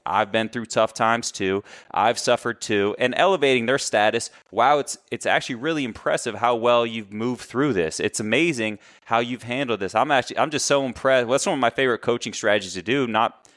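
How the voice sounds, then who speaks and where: A man as a podcast guest and coach, talking in casual, animated conversation and telling stories, often correcting himself. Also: medium pitch, a little fast, hardly any pauses, no room sound, clean studio sound. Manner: animated storyteller, chatty, self-correcting.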